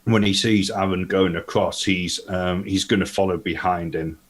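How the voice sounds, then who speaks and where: Deep voiced guy at a tabletop game, kinda unsure, asks stuff. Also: fairly even intonation, moderate pace, breathy edge, rough recording. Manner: tentative questioning. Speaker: player. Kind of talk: tabletop role-play.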